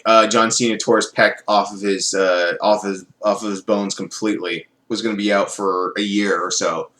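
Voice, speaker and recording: A man's voice: on the low side, a bit bright. A man reviewing a TV show in a casual video, rambling and sarcastic, with many fillers.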